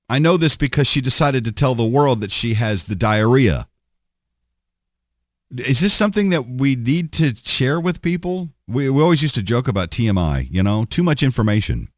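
A man's voice: medium pitch, animated, moderate pace, no echo, clean studio sound. A middle-aged man hosting his own podcast, talking in a rambling, sardonic way with many restarts and fillers. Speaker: podcast host. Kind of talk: solo podcast monologue.

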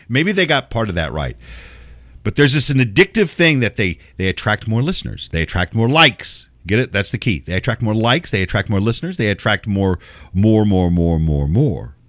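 Older male host, cranky and foul-mouthed, voice swinging high and low. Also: sing-song, normal speed, fairly bright tone. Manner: cranky, sarcastic, swears constantly. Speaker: radio and podcast host. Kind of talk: profane ranting commentary.

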